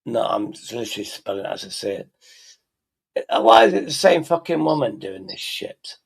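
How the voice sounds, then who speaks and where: Male streamer, mid pitch, gravelly edge, loose and foul-mouthed. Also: big pitch swings, moderate pace. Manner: swears freely, thinks aloud while working. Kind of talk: casual live-stream chat.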